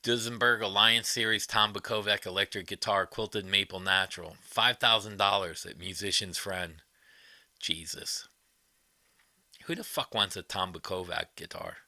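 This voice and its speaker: A man's voice: on the low side, steady tone, moderate pace, sharp tone, dry recording. A man hosting a casual livestream, chatting with viewers and giving blunt, profane opinions. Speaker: livestream host. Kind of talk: casual livestream chat, reading viewer comments.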